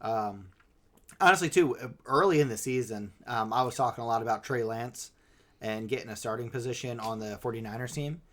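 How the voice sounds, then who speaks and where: A man's voice: medium pitch, a little fast, a bit bright. A man in casual sports chat, analysing players and stats with hesitant fillers. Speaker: podcast co-host.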